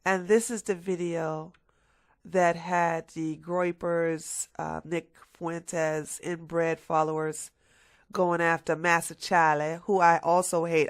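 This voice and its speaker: A woman's voice: lowish voice, no room sound, studio quality. A woman giving a ranting political commentary on her vlog, emphatic and mocking, hammering her points home by repeating them.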